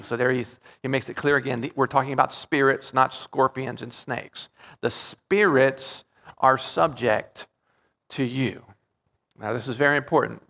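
A man preaching a Bible-teaching sermon, stressing key words with loud drawn-out peaks and checking in with "okay?" and "right?". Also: medium pitch. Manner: explains Greek word meanings, frequent "okay?" and "right?".

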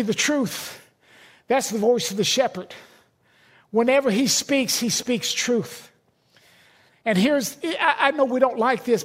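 A man's voice: very high voice, husky. A middle-aged man, a pastor, preaching a sermon in a conversational, emphatic way with personal stories.

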